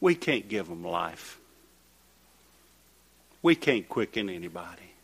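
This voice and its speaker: A man preaching a sermon, reading scripture aloud and asking rhetorical questions, rising to loud emphatic peaks and dropping to quiet asides. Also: low voice, very animated, slow pace, gravelly, husky. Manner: reads scripture aloud in King James wording.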